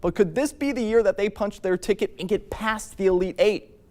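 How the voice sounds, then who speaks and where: A man's voice: sits high, normal speed, darkish tone. A man hosting a sports preview show, reading a scripted, upbeat introduction.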